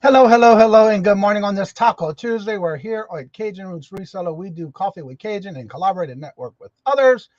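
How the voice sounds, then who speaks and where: Man, folksy livestream chat, lively pitch, dull dry sound. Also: fast talker, hardly any pauses, dry recording. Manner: chatty, folksy, repeats greetings. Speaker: livestream host. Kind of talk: casual livestream chat greeting viewers.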